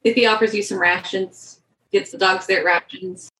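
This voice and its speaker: A woman's voice: medium pitch, steady tone, moderate pace, fairly bright tone. Upbeat female player, chatty, room echo around her voice. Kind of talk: tabletop role-play.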